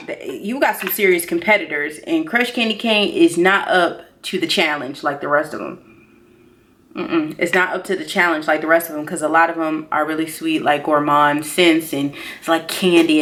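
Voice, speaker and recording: A woman chatting casually through a candle haul review, excitable and talkative, jumping up high when she gushes. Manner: chatty and excitable, says y'all, jumps high in pitch when gushing. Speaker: beauty and candle vlogger.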